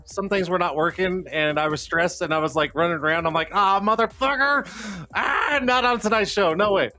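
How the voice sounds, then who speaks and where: A man's voice: fairly high pitch, sharp tone. A man hosting a casual live stream, talking loosely and swearing freely, a little out of breath. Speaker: livestream show host. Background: faint background music.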